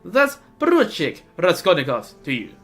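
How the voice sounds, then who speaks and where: A woman's voice: lowish voice, wildly swooping pitch, normal speed, a bit bright, soft background music, exaggerated voice. A woman voicing a stern male military lieutenant with a put-on Russian accent in a game.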